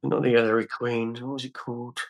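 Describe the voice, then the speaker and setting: A man's voice: mid-range voice, level tone, brisk, gravelly. An older man, a film actor guest on a podcast, telling rambling stories full of fillers and restarts. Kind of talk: casual interview storytelling.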